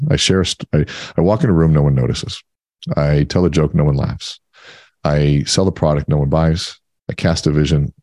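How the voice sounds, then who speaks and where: A man with a husky, very low voice shares stories and ideas in a podcast interview. His manner is emphatic and reflective. The recording is dry and close. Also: warm tone, dry recording. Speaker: podcast guest. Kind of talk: conversational interview.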